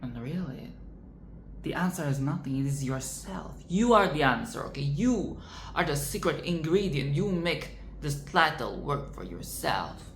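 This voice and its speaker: A woman's voice: deep voice, big pitch swings, a little slow, echoey room, slight background noise. A young woman casually reviewing a film, emphatic and profane, often tagging "okay?".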